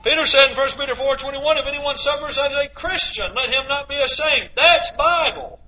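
A man's voice: extremely high pitch, normal speed, pushed and bright. A man preaching a sermon, quoting scripture and asking his listeners rhetorical questions. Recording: dull lo-fi recording.

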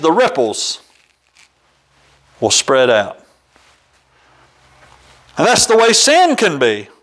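Male pastor, sermon delivery, earnest, homely examples, expressive high voice. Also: rough recording. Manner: earnest, quotes scripture with chapter and verse; uses homely examples, occasional ums. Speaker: preacher.

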